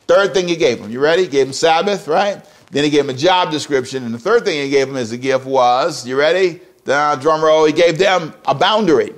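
A man preaching a sermon as pastor, emphatic and repetitive, often asking the congregation direct questions. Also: fairly high pitch.

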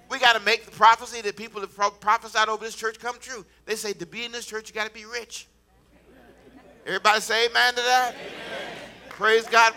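Bright, high-voiced preacher in his fifties. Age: 50s. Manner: call-and-response preaching, rising to emphatic exhortation. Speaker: pastor. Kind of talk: sermon. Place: church before a congregation.

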